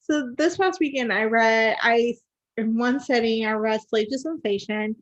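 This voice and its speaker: Woman podcast host, higher voice, chatty, enthusiastic, casual interview. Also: a little slow, lo-fi sound. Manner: enthusiastic, chatty, laughs along.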